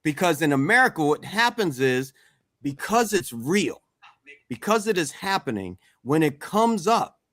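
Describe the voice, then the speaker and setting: A middle-aged man from Washington, D.C. talks bluntly and with emphasis, swearing now and then as he leads a candid group talk. His voice sits somewhat high for a man, and the sound is close and dry. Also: sing-song, unhurried, a bit bright, no echo. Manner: blunt, emphatic, swears, repeats "let's get real". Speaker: men's circle coach.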